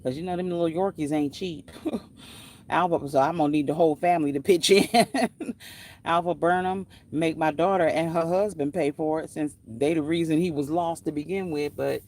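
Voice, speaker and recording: A woman's voice: deep voice, fairly even intonation, moderate pace, darkish tone, recorded from a distance. A middle-aged woman, chatting casually on a livestream, reading out comments, laughing often and sounding hot and sweaty outdoors. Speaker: craft channel host. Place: outdoors in summer heat.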